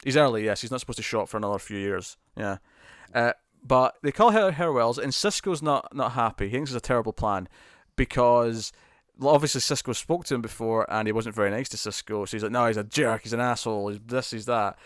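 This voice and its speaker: A man's voice: medium pitch, a little fast, few pauses, no echo, clean studio sound. Chatty, laughing male podcast co-host. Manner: animated, laughing, restarts mid-sentence. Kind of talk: casual chat.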